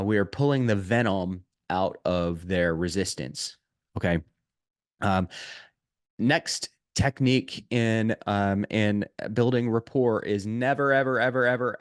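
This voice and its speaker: A man with a fairly low voice delivers a sales prospecting lesson straight to camera. He talks emphatically, stacking repeated words for stress and filling gaps with "uh" and "um". The sound is dry and close, with no room echo. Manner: emphatic, repeats key points, frequent "uh" and "um". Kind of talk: instructional video lesson.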